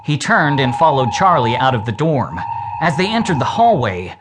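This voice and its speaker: A man narrating a children's book as an audiobook in a slow, measured reading. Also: medium pitch. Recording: loud steady hiss.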